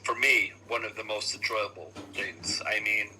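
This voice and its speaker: A man as a guest on a casual live chat, talking in a thoughtful, measured way. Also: lowish voice, steady tone, sharp tone, a little hiss or hum, poor audio.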